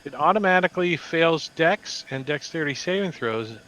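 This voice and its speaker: A bright, slightly high-voiced man runs a tabletop game as dungeon master. He narrates in an animated way, tossing in sound effects and quick voices for the scene.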